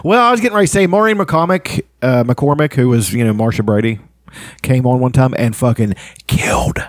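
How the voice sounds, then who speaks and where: A man co-hosting a casual podcast, opinionated and animated in his chat. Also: medium pitch, a little fast, no room sound, clean studio sound. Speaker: podcast co-host.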